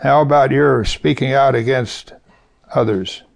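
A man's voice: mid-range voice, a little slow, gravelly. A man preaching a sermon, reading verses aloud and explaining them in a conversational way, with rhetorical questions and light chuckles.

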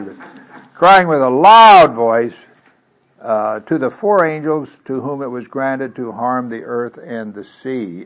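Guy preaching a sermon, folksy, goes soft then loud on the verses, kinda dull lo-fi sound. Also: medium pitch. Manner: swings from quiet asides to loud emphatic reading; folksy, conversational teaching.

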